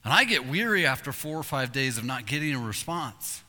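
A man preaching a sermon, telling hunting stories with animated delivery and acting out calls and voices. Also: medium pitch, brisk. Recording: long reverb in a hall.

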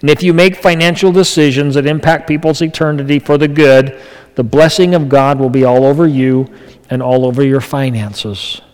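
A pastor giving a conversational sermon to his congregation, moving between quiet asides and emphatic, raised passages. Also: mid-range voice, steady tone, normal speed, long reverb tail, low-quality recording.

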